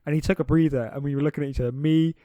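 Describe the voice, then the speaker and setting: A man's voice: a little high, steady tone, rapid-fire, warm tone, dry recording. Laid-back young male podcast co-host. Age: young adult. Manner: laughing storyteller, swears casually. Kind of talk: casual chat.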